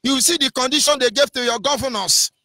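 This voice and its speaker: A Nigerian man hosts a radio broadcast, his high, bright voice ringing with fiery political commentary. He hammers at listeners with rhetorical questions, letting his lines rise and fall in a sing-song way. The sound is dry and close, with no room around it. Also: a little fast, dry recording. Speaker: radio host.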